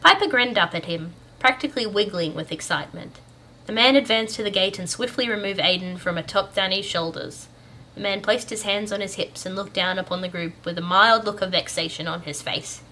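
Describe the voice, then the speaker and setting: Bright-voiced Australian woman storyteller. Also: medium pitch, brisk, a little hiss or hum. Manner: chatty, upbeat, with fillers. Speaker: storyteller and channel host. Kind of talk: casual chat, then read story narration.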